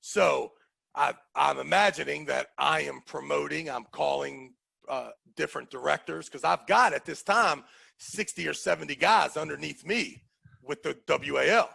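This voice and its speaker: A podcast host tells a story in casual chat, his voice high, gravelly and bright with a slight huskiness. He speaks at a moderate pace, animated and acting out the characters. The room is dry, with no echo.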